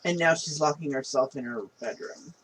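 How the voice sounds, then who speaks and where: Husky podcast co-host chiming in. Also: mid-range voice, normal speed, a bit bright, low-quality recording. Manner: brief agreeing interjections. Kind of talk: casual chat.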